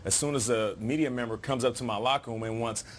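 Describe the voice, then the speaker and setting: A man, a former player now a sports show analyst, arguing his point in an animated way and cutting in on others. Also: mid-range voice, fast talker, slight background noise. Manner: animated, argumentative, cuts in. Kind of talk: studio sports debate.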